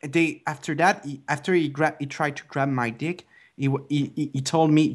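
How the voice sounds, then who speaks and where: A man's voice: fairly high pitch, moderate pace. A young man making a prank call, complaining in an overly dramatic, stammering way. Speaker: prank caller.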